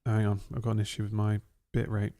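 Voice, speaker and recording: A man's voice: fairly low pitch, completely flat delivery, fast, dark tone. A man co-hosting a casual podcast chat in a studio, rambling and cutting himself off mid-sentence, with the odd swear. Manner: rambling, self-interrupting, sweary. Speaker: podcast co-host.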